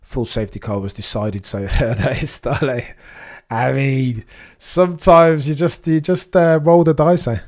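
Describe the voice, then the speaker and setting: Young male streamer, casual and excitable, mid-pitched, talks straight to chat. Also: unhurried. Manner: excitable, chatty, addresses chat directly, rhetorical questions. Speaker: livestream watchalong host. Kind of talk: live race watchalong commentary.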